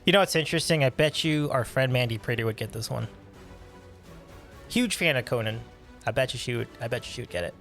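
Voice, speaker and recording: A man hosting a casual livestream, reading and answering chat with upbeat, animated talk and frequent laughs. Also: mid-range voice, fairly quick, soft background music. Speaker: livestream host.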